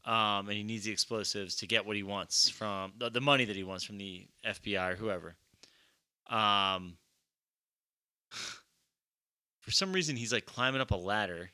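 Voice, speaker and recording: A man's voice: on the low side, moderate pace, long pauses, pushed and bright, no echo, clean studio sound. A young man chatting casually about a movie as a podcast co-host, rambling with lots of fillers and swearing freely.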